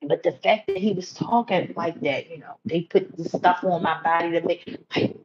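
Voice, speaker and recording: A woman's voice: fairly low pitch, normal speed. A woman hosting a faith-based livestream, earnestly urging her viewers and repeating herself for emphasis. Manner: earnest, exhorting viewers directly, repetitive. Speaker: livestream host. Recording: muffled livestream audio with background hiss.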